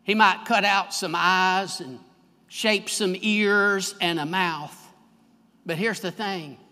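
Man, pastor, fervent sermon, high bright voice. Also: slow. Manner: fervent preaching, swelling louder on key phrases. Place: church sanctuary. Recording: long reverb of a large hall.

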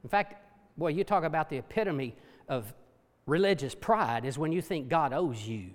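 A man preaching a sermon with passion, dropping to hushed low tones for emphasis. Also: lively intonation, normal speed. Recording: long hall reverb.

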